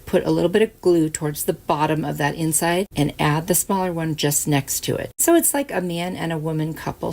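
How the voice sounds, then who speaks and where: A woman's voice: low voice, creaky. A woman hosting a craft channel, chatting casually through each step of a DIY tutorial voice-over. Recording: soft music behind.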